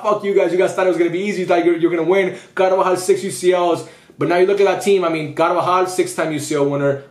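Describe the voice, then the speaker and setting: A man's voice: a little high, roomy sound. A man ranting casually after a football match, frustrated and swearing, rambling with lots of restarts. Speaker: football vlogger. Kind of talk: post-match rant.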